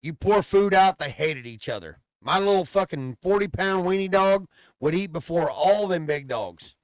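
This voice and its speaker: A man co-hosting a casual podcast, telling long, profane, animated stories about his dog. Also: high voice, moderate pace, dry recording. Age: adult father. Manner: profane, animated rambling storyteller. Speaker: podcast co-host. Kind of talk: casual chat, storytelling.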